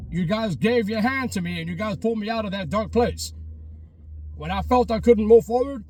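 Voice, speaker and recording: A man with a New York accent talks to his camera, heartfelt and near tears, repeating his thanks again and again. His voice sits fairly high for a man and has a husky, breathy edge. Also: a little mellow. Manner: emotional, repetitive, on the verge of tears. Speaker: vlogger exploring abandoned places. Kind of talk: heartfelt thank-you to viewers. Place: outdoors by an abandoned restaurant.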